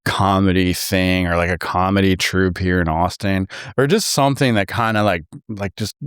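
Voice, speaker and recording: A man's voice: sits low, moderate pace, fairly bright tone, smooth, no room sound, clean studio sound. A man hosting a casual comedy podcast, laid-back and full of fillers, laughing easily. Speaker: podcast host.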